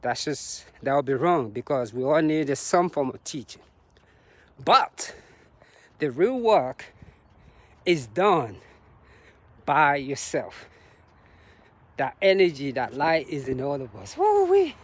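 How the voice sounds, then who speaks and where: A man's voice: mid-range voice, expressive, takes it slowly, pauses often, no room sound. A man talking to the camera while jogging outdoors on a road, slightly out of breath and sharing reflective, motivational thoughts with frequent laughs. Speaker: vlogger. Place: outdoors on a road beside traffic.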